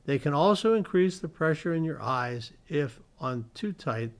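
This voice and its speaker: A man's voice: fairly high pitch, expressive, moderate pace. A man with a slightly raised voice hosts a community television fact show from a studio. He reads trivia off slides in a chatty way, now and then tripping over a word and fixing it. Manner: reads from slides, stumbles and corrects himself. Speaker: host. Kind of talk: reading fun facts on a community TV show.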